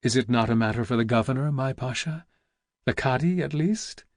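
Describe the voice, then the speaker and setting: A man's voice: medium pitch, brisk, no echo, clean studio sound, pitched above the performer's own voice, close to an everyday voice. A man voicing a polite, deferential investigator. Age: 40s. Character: polite forty-year-old investigator. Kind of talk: audiobook reading.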